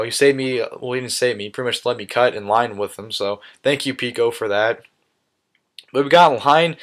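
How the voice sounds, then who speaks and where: A man's voice: mid-range voice, a bit bright. A man casually recapping meeting people at a fan event, rambling with lots of fillers and repeated words like "awesome", while showing autographs to the camera. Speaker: vlogger.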